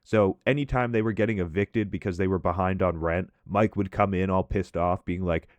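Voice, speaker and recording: A man's voice: sits low, steady tone, a little fast, hardly any pauses, a little mellow, no echo. A man casually telling a story over gameplay commentary, chatty and loose, often laughing and tagging lines with "right?".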